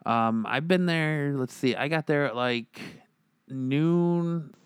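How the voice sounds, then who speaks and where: A man hosting a podcast in casual chat, telling stories animatedly and acting out quotes with big jumps in pitch. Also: takes it slowly, smooth, no echo. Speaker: podcast host.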